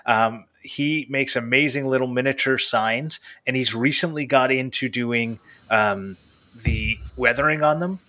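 A man's voice: mid-range voice, sharp tone. A man hosting a casual podcast, rambling with frequent laughs. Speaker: podcast host.

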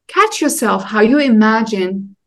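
A woman's voice: a little high, animated, unhurried. Conversational woman anxiety coach. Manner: conversational, often asks listeners to catch themselves. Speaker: anxiety coach, podcast co-host. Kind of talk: casual podcast chat.

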